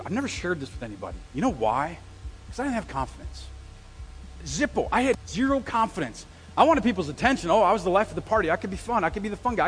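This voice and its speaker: Male pastor, higher voice, sermon in a reverberant church, humorous storyteller. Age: adult with a wife, past graduate study. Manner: lively storytelling with self-deprecating humor. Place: church sanctuary. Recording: long reverb of a church hall.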